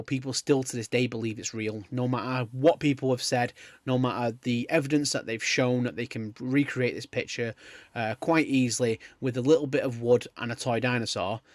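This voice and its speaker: A man's voice: mid-range voice, dry recording. A man hosting a casual podcast, rambling and joking as he tells stories. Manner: rambling, jokey, lively storytelling. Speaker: podcast host.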